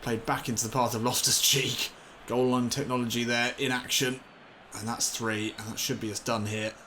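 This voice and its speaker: Excitable man commentating gameplay. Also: medium pitch, moderate pace, a little hiss or hum. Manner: excitable, swears and shouts in frustration. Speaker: gaming commentator. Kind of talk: let's play football game commentary.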